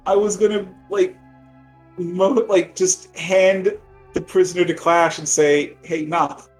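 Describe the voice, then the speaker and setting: A man playing a tabletop game, joking excitedly and tripping over his words. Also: high-pitched, takes it slowly, faint music behind, poor audio. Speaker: player. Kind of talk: casual tabletop banter.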